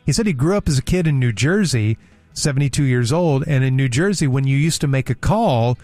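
A man's voice: mid-range voice, lively intonation, fairly quick, darkish tone, no echo, soft background music. A man on a talk show telling a travel anecdote in a casual, chatty way, repeating words and mimicking the people he quotes.

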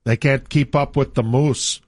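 A man voicing a slow, easygoing male Canadian radio co-host with a put-on Canadian accent and an agreeable drawl. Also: medium pitch, steady tone, a little mellow, no room sound, clean studio sound, pitched below the performer's own voice, lightly acted.

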